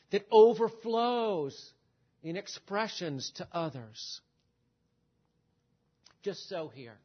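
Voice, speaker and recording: A man preaching an expository sermon in a measured teaching manner, posing rhetorical questions and answering them. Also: high voice, husky, dull audio.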